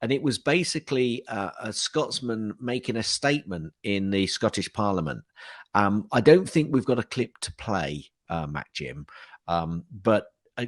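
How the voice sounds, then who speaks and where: A man co-hosting a podcast in casual chat, rambling and teasing with plenty of halting fillers. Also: lowish voice, expressive, no room sound, studio quality. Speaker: podcast co-host.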